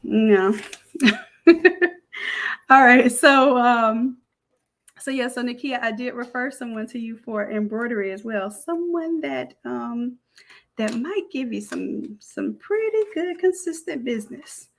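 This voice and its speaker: A woman with a Southern US accent hosting a casual livestream Q&A, animated and preachy as she fires up her viewers. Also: on the high side, slow. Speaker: online design academy host.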